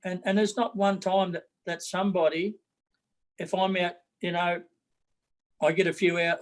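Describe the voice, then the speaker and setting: Heard on a low-quality recording, this political candidate is a middle-aged man with an Australian accent and a high voice. He answers interview questions bluntly, often repeating himself.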